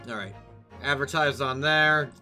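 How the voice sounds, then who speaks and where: A man's voice: mid-range voice, a little slow, sharp tone, faint music behind. A young man streaming a video game, rambling and joking playfully as he plays. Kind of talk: casual let's-play commentary.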